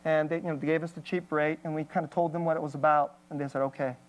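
A woman's voice: sits low, flat delivery, fast talker, poor audio. Candid woman pastor telling a story. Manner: candid, emotional storytelling with frequent fillers. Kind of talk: personal testimony in a sermon.

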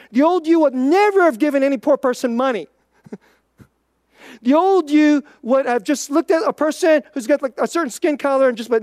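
A preacher giving an informal, conversational sermon, chatty and full of "like", swinging between quick bursts and slow, quiet emphasis. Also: high voice, no echo, clean studio sound.

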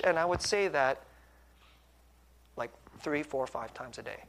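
A man's voice: a little high, expressive, measured pace, vocal fry, fairly bright tone. A middle-aged man preaching in a conversational, self-deprecating way, often checking in with tag questions. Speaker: pastor. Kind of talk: conversational sermon.

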